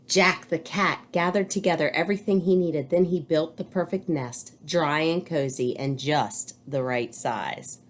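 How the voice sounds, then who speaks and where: A woman's voice: deep voice, measured pace, few pauses, a little hiss or hum. A woman, a teacher, reading a picture book aloud to children and adding chatty asides.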